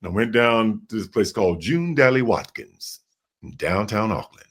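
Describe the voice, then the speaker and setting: A man with a deep voice and an American accent, a guest telling animated stories in a casual interview. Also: moderate pace. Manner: animated storyteller who acts out voices.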